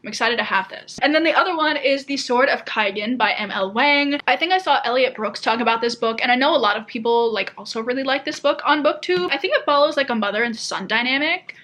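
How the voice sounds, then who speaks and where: A woman's voice: high voice, expressive, fast talker, few pauses, sharp tone. A young woman chatting casually as a book vlogger, gushing and laughing often, with lots of "like". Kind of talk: casual chat.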